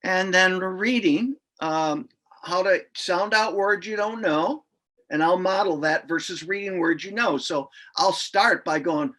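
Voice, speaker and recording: A man's voice: high-pitched, a little slow, a bit bright. Man explaining classroom reading procedures. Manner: informal, demonstrates sounds aloud. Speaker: reading instructor. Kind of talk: instructional explanation.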